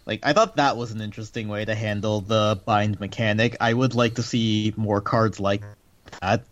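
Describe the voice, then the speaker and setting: A man's voice: on the low side, steady tone, moderate pace, a bit bright. A man co-hosting a casual chat, hesitant and leaning on "like". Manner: hesitant, leans on "like". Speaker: podcast co-host. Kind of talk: casual chat about a card game. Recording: dull lo-fi audio.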